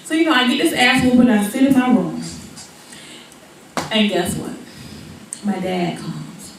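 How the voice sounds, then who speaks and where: A woman in her forties doing stand-up storytelling, animated and rhythmic with repeated asides, in an echoey venue heard from far off. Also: medium pitch, a little slow, background noise. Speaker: stand-up comedian. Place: comedy venue.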